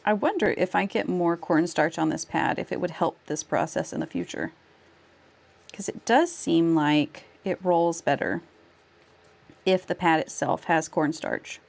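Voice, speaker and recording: A woman's voice: on the low side, measured pace, creaky. A woman streaming live, chatting casually with viewers while she works on a craft, laughing often and talking herself through each step. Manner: giggly, thanks viewers warmly, talks to herself while working.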